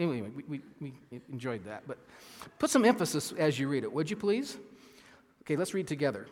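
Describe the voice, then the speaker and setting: A man preaching a sermon as pastor, earnest and halting, with frequent restarts, reading scripture slowly with emphasis. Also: medium pitch, sing-song. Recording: long hall reverb.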